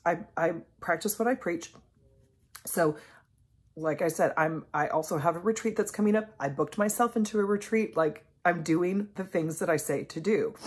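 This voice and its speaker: A woman with a lowish, husky voice talks openly as a life coach. Her delivery is casual and rambling, full of fillers and the occasional swear word. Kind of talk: candid personal vlog talk.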